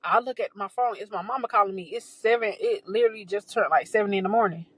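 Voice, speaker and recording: A woman, hosting a podcast and telling a personal story in a casual, animated way, laughing often and acting out the voices of others. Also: medium pitch, fast talker, breathy edge, dry recording, rough recording. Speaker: podcast host.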